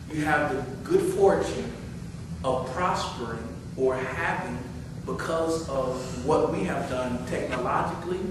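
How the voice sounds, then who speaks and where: Male pastor, middle-aged, high-pitched sermon delivery from quiet to loud playful scolding; very echoey church, faint hiss. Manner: swings from hushed talk to loud, playful scolding. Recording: very echoey hall, far-off mic, faint hiss.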